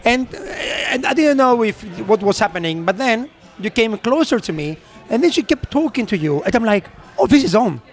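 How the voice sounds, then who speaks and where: A man's voice: high voice, lively intonation, moderate pace, hardly any pauses. A man co-hosting a podcast, telling a story in casual chat, acting out the other people's lines and laughing often. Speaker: podcast co-host.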